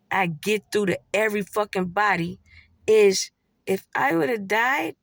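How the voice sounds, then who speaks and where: Gravelly, profane woman preaching. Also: medium pitch, lively intonation, unhurried, a bit bright, dry recording, studio quality. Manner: blunt, heavy swearing, preachy. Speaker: spiritual vlogger. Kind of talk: profane spiritual monologue.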